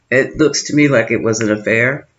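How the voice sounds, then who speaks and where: Man musing through a tarot reading. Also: mid-range voice. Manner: musing, thinking aloud with pauses. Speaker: tarot reader. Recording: slightly dull lo-fi sound with faint noise.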